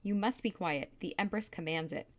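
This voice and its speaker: A woman's voice: on the low side, vocal fry. A woman reading aloud and voicing an empress mother who speaks firmly and with authority. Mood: stern. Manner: firm, commanding, measured. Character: stern yet gentle mother, an empress.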